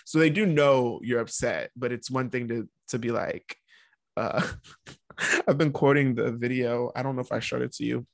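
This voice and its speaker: A man co-hosting a podcast in casual chat, animated, laughing often and acting out quotes. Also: mid-range voice, moderate pace, gravelly, no room sound. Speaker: podcast co-host.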